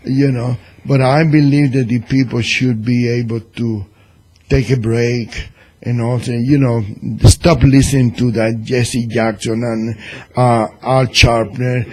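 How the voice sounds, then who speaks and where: Husky Cuban-accented man, slow opinionated talk. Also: mid-range voice. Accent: Cuban Spanish. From Cuba. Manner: opinionated, animated, broken grammar. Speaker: columnist and radio guest. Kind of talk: casual radio talk.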